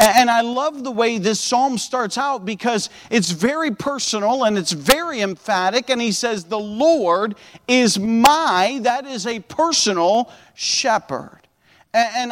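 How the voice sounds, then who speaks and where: A man's voice: high-pitched, a bit bright, long reverb tail. A man preaching a sermon in a church auditorium, earnest, often repeating words and saying uh.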